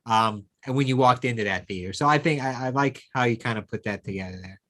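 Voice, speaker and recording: A man hosts an interview in an ordinary mid-pitched voice. He echoes back and affirms what his guest has said. His talk is loose and conversational, full of filler words. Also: fast talker, pushed and bright. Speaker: interview host. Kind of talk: interview hosting.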